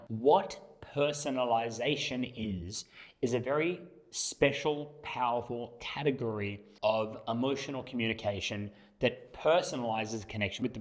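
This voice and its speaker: A man's voice: mid-range voice, fairly bright tone. A young male dating coach teaching. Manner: emphatic, illustrates with acted examples. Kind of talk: explanatory talk to camera.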